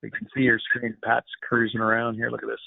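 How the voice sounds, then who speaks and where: A man's voice: mid-range voice, monotone, quick pace, creaky, breathy edge, no echo. A man hosting a casual video-call Q&A, upbeat and jokey, calling people buddy. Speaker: host of a software Q&A call. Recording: tinny phone-like call audio.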